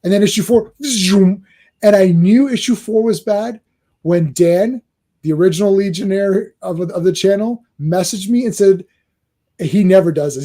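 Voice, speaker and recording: A man hosting a casual podcast chat, telling animated stories with stumbling restarts and acting out what his friends said. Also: high-pitched. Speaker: podcast host.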